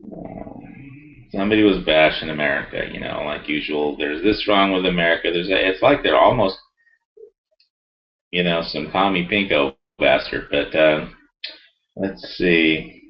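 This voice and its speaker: A man's voice: deep voice, unhurried, pauses often, dull audio. A man ranting heatedly in a rambling, profane way and reading his own forum post aloud. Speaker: video blogger.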